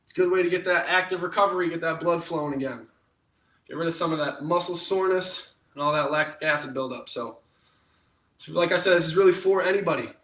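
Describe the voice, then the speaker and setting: Speaking quickly in a fairly high, fairly bright voice, a young fitness instructor leads people through a live at-home workout. He keeps things cheerful, cracking jokes as he counts down the reps, and the audio is distant and echoey.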